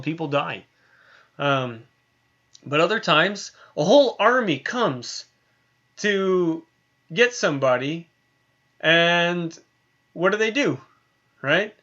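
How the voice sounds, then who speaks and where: A man's voice: on the high side, bright, forceful tone, highs cut off. A man teaching a Bible lesson in a conversational way, often asking "right?" and using fillers. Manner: conversational, many tag questions and fillers. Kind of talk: recorded online lesson.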